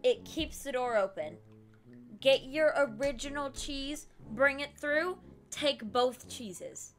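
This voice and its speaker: A young woman streaming a video game, loudly and excitedly giving her partner step-by-step instructions and laughing often. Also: high-pitched, slow, soft background music. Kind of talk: casual gameplay chat.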